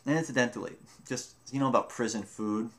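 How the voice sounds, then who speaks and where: A young man casually telling a story about himself, rambling and often breaking off mid-sentence, with animated retelling. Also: mid-range voice, fast talker, a little hiss or hum. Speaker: vlogger telling a personal story. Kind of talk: casual first-person storytelling.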